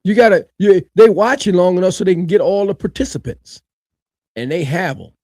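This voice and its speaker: A man giving animated reaction commentary on a video, colloquial, swinging from low mutters to loud high shouts. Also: fairly quick, no echo.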